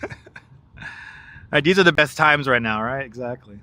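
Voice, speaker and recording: A man with an animated, sharp, medium-pitched voice talks at a moderate pace during an outdoor live stream by the river in Manhattan. Wearing a wireless clip-on mic, he gives walking commentary, joking, laughing often and chatting with viewers.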